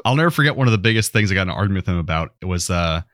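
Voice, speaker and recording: Brief: male podcast co-host, low-ish voice, dry close sound, animated storyteller who laughs a lot. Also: racing, dry recording. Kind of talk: casual chat.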